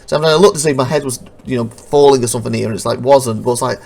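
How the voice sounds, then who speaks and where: Gravelly man rambling over gameplay. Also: medium pitch, racing, a little mellow. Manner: rambling, self-interrupting, laughs at bugs. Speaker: gameplay commentator. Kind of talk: casual recorded gameplay commentary.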